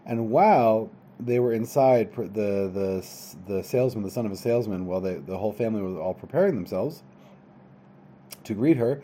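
A man tells a folktale by reading each line and then translating it in a casual, chatty way, often restarting his phrases. His voice is low and mellow, and it rises and falls a lot as he goes. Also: lively intonation, normal speed. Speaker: storyteller. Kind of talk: reading a Hebrew tale aloud and translating it into English.

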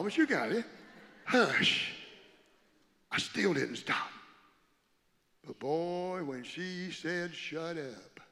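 A male pastor preaching a sermon to a congregation, swinging from loud preaching to a hushed near-whisper and calling on the people to respond. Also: high voice. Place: church. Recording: long reverb of a church hall.

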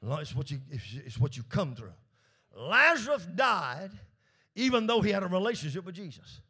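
A male pastor, preaching a call-and-response sermon that swings from hushed low asides up to shouted peaks. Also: big pitch swings, moderate pace, breathy edge.

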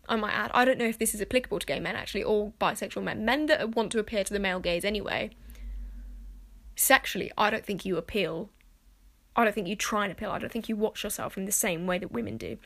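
A woman's voice: mid-range voice, quick pace, creaky, fairly bright tone. A young woman, talking casually to camera and filling her speech with "like," cursing freely. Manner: chatty, swears freely, fills speech with "like".

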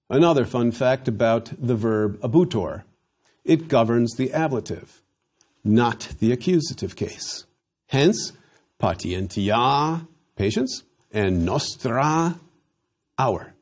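Guy teaching latin real slow, mellow low tone, voice bounces up and down a lot, kinda dry jokes. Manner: dry humor, slow emphatic drills with lively pitch. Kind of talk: recorded language lesson.

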